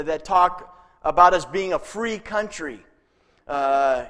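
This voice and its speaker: A man's voice: high voice, fairly bright tone. A male pastor preaching a sermon in a chatty way, chuckling at his own jokes. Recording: long reverb from a hall.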